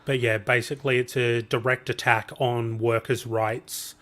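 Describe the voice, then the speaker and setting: A man calmly explaining context on a livestream, with a few hesitant fillers. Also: mid-range voice, moderate pace.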